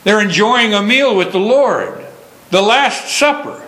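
A man preaching a sermon slowly and emphatically, stressing key words. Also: sits high, animated, pushed and bright, roomy sound, rough recording.

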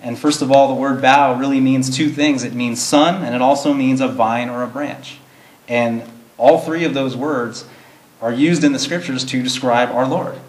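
A man's voice: medium pitch, steady tone, normal speed. A man teaching a verse-by-verse Bible study, reading verses in old-fashioned wording and explaining them in plain, earnest terms. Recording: roomy echo.

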